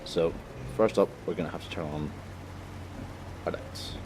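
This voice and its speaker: Northern Irish guy, low, rambling. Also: normal speed, background noise. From Northern Ireland. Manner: rambling, filler-heavy, cheerfully profane. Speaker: gaming commentator. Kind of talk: casual let's-play commentary.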